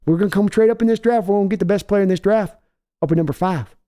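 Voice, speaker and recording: A man's voice: high voice, quick pace, mellow, natural voice. A man putting on the voice of a brash, boastful older male football team owner who talks in a folksy, wheedling way and repeats himself.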